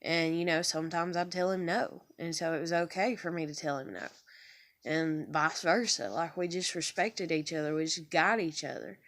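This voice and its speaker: Young woman vlogger, low-voiced, near tears, rambling and swearing; raw confessional monologue. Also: normal speed, a bit bright. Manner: rambling, profane, heartfelt. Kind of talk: emotional personal monologue to camera. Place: bedroom.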